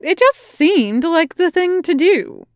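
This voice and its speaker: A woman's voice: extremely high pitch, very animated, slow pace, dry recording, studio quality, voice pushed up, heavily acted. A woman voicing a grinning, pushy young male soldier who teases his friend. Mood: teasing. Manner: teasing, bright and pushy.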